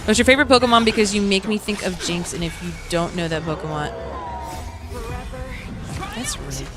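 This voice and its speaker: A woman's voice: medium pitch, steady tone, moderate pace. A woman streaming as a virtual singer and gacha player, chatting playfully with her chat while she plays, humming and laughing as she goes. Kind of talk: casual live-stream chat while gaming. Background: background music.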